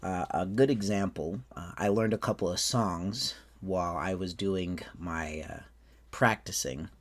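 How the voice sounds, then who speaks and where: Low-voiced man giving a casual accent tutorial. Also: measured pace. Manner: relaxed, rambling with restarts. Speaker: faire staff member teaching accents.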